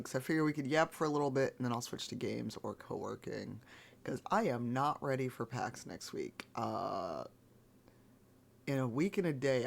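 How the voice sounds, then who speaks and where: A man streaming live, chatting casually with viewers in a rambling, laid-back way, his voice gravelly this morning. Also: mid-range voice. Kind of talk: casual chat.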